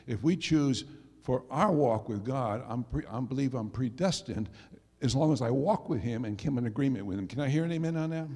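Man preaching in a reverberant church. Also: mid-range voice. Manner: preachy, swings between soft asides and loud emphasis. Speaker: pastor. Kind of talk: sermon. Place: church sanctuary. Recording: long reverb of a church hall.

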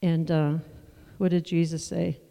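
A preacher delivers a sermon in a mellow, warm voice, talking through scripture in an easygoing, conversational way. The sound carries a long reverb, as if in a large hall. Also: medium pitch, flat delivery, vocal fry. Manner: conversational, unhurried Bible teaching with asides.

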